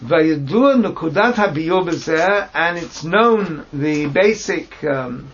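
Gravelly high-voiced man teaching Torah. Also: expressive, a bit bright, slight background noise. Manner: translates Hebrew phrase by phrase, halting restarts. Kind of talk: text study class. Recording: dull lo-fi recording.

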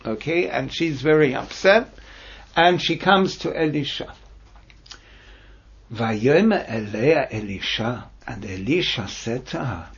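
A man's voice: medium pitch, very animated, a little slow, husky, muffled recording. A man teaching a Bible study lesson. He reads short phrases of scripture, then translates and explains each one.

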